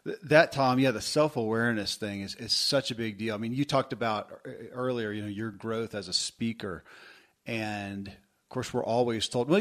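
A man hosting a podcast, telling stories in a casual, animated way with self-deprecating laughter. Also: medium pitch. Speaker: podcast host.

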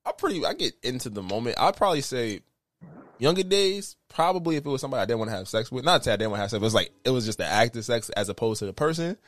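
Fast-talking joking man podcaster. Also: medium pitch, expressive, a bit bright. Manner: joking, crude, quick-talking. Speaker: podcast co-host. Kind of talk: casual podcast banter.

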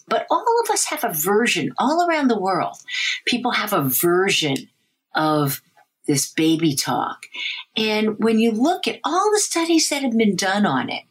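Lively expressive woman, husky and unhurried. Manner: animated, breaks into a high sing-song baby voice for examples. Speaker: language development researcher. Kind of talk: interview answers.

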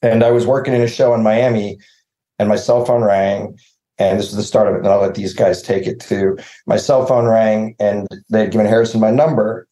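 A man's voice: lowish voice, mellow, reverberant, low-quality recording. A man telling rambling, self-deprecating stories and laughing often in a casual podcast chat over a video call. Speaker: showrunner guest.

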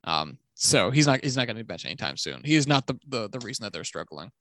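Bright-voiced man in casual sports chat. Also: medium pitch, very animated, quick pace. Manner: chatty, self-deprecating, joking trash talk. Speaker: podcast co-host.

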